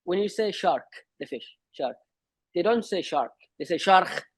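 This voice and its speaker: Husky-voiced hesitant male guest. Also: high-pitched, animated, normal speed, a little mellow, no room sound. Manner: hesitant, many fillers and restarts. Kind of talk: casual conversation.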